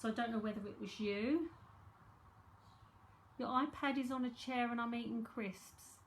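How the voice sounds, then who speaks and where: A woman's voice: a little high, normal speed, a little hiss or hum. A woman with a London accent giving a chatty live psychic tarot reading from home, repeating herself as she talks to viewers.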